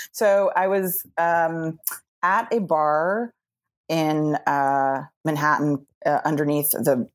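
Woman from New York, deep low voice, chatty storyteller, laughs a lot between phrases. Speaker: comedy podcast guest. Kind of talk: casual anecdote telling. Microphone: remote video call.

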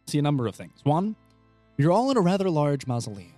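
Relaxed male game master, dry sound. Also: fairly high pitch, no echo, soft background music. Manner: easygoing, with frequent filler pauses. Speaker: game master and podcast host. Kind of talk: narrating a tabletop game podcast.

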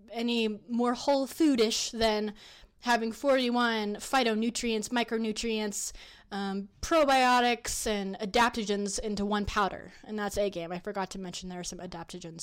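A woman hosting her own podcast, chatting casually with lots of fillers and restarts as she pitches products in an upbeat way. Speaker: podcast host. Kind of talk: casual solo podcast talk.

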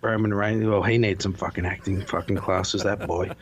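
A man's voice: low voice, steady tone, moderate pace, slightly rough. A man in casual chat, laid-back and swearing constantly, with frequent restarts.

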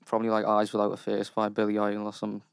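A young man, a guest musician, chatting casually, laid-back and quick to laugh. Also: fairly low pitch, monotone, vocal fry, clean tone, dry recording. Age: young adult. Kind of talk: casual chat.

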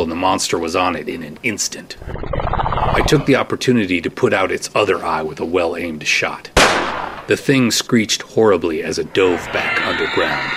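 A man giving a first-person scripted narration of an audio drama, steady and dry, with terse asides. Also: sits low. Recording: noisy recording.

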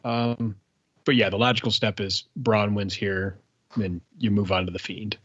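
A man co-hosting a casual podcast, speaking in a measured, hesitant way. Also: fairly low pitch, little pitch movement, fairly bright tone, husky, dry recording, lo-fi sound. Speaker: podcast co-host. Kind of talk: casual wrestling podcast chat.

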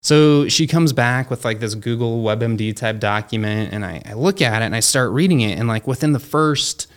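A man with a smooth, resonant voice and a mid-range pitch, talking as a guest in easy conversation. He tells his stories in a loose, chatty way, full of fillers, and sometimes acts out what people said to him. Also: lively intonation, moderate pace. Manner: chatty, many fillers like "like" and "you know". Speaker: company founder and guest. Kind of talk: casual conversational storytelling.

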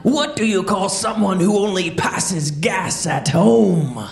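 A woman's voice: mid-range voice, animated, slow pace, gravelly, voice pushed down. A woman voicing a jolly male pirate comedian with growly pirate talk for a children's stand-up podcast. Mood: joking. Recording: roomy echo.

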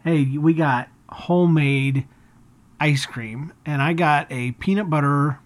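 This family podcast host has a low-pitched, slow voice. She chats casually and tells stories in a meandering fashion, laughing softly and backing up to restart her sentences.

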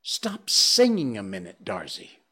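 A storyteller man gives voice to a fierce young mongoose from a storybook, brisk and impatient with his friends. His delivery is slow and deliberate, yet the pitch swings widely. He is set on a fight and wastes no words. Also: huge pitch swings, pushed and bright, slightly rough, exaggerated voice. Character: brave young male mongoose, fierce and practical.

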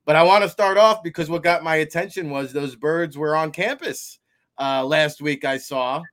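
Energetic New Jersey man hosting. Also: on the high side, moderate pace. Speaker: host. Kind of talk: casual sports interview.

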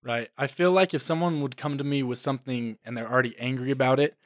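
A man's voice: mid-range voice, fairly even intonation, fast talker, dry recording. Male podcast co-host, thoughtful and reflective, recorded with a dry, close sound. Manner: reflective, speaks from his own view. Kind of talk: casual advice chat.

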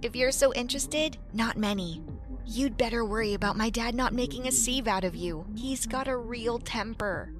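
A young woman narrating a first-person story in a lively, expressive way. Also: on the high side, normal speed, over music.

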